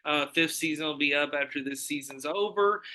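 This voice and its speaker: Man, podcast host, casual chat, upbeat, filler-heavy, very bright, smooth. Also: fairly high pitch, moderate pace, rough recording. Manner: loose, upbeat, lots of filler words.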